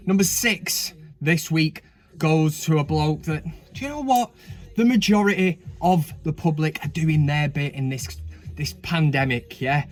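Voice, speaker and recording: A man runs a casual, jokey countdown, full of cheeky asides and freely dropped swear words. His voice sits a little on the high side for a man. Faint music plays softly behind him. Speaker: host. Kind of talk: casual comedic countdown commentary.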